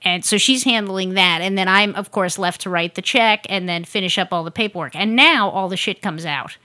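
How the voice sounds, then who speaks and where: Woman, bright voice, casual podcast chat, animated storytelling, quotes people in character. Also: mid-range voice, moderate pace. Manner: animated, acts out other people's lines with laughs. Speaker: podcast co-host.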